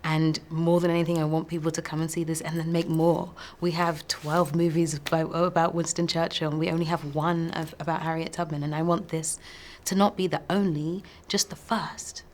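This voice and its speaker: A woman actor in a press interview, answering thoughtfully in a soft voice and laughing often. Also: deep voice, level tone, fairly quick, hardly any pauses. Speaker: actor promoting a film.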